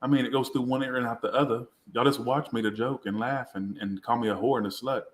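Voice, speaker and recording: A fast-talking tarot reader with a mid-range voice and fairly even intonation does a live reading. He seems tipsy, rambles crudely, and makes fun of himself, and the audio has a roomy echo.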